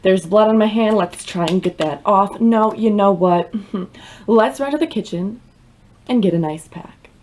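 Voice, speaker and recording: A woman's voice: mid-range voice, a little slow. Young woman, casual storytime vlogger, dramatic and chatty, mid-range voice. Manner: dramatic, animated storytelling with many fillers. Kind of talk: storytime vlog.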